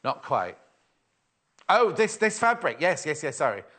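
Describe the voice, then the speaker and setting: A man's voice: fairly high pitch, big pitch swings, unhurried, fairly bright tone. A man presenting a live sewing shopping show, chatty and playful as he reads out viewer messages. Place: TV studio.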